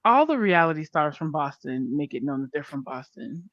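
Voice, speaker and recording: Lower-voiced woman on a dull, dry mic. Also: animated, dry recording. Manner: chatty, laughs along, quick agreeing fillers. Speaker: podcast co-host. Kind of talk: casual reality-TV recap chat.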